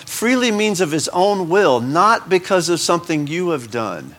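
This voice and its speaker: A pastor preaches to his congregation loosely and conversationally, interrupting himself with asides and tagging points with a rhetorical "right?". His high, slightly bright voice is very animated, at normal speed with hardly any pauses.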